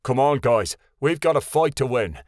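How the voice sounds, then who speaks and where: A man voicing a stubborn, bold male fighter who rallies the group in a loud, rousing way. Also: mid-range voice, animated, moderate pace, no room sound, studio quality, natural voice.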